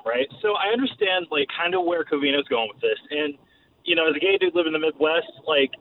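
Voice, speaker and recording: A man's voice: fairly high pitch, a little hiss or hum. A man calling into a radio show, blunt and teasing, with some swearing. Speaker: caller. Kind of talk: teasing call-in comment. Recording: tinny phone line.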